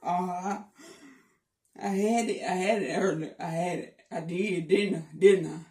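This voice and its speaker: A man's voice: sits high, steady tone, unhurried, darkish tone, distant mic, soft background music. Goofy guy clowning in a casual vlog, says stuff twice, roomy echo. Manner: playful, repeats himself, teasing. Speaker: vlogger. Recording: echoey room.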